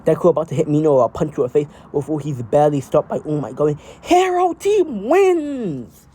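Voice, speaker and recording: A man casually improvising a fan-fiction story out loud, rambling with lots of fillers and restarts. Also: fairly high pitch, fairly even intonation, fast talker, slightly rough, rough recording.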